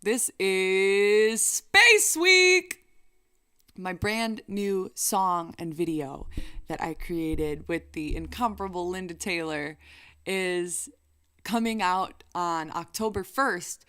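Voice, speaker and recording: A woman's voice: fairly low pitch, slow, clean tone, no room sound, studio quality. A woman singer and vlogger talking casually to the camera in a playful, chatty way. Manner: playful and chatty, bursts into song.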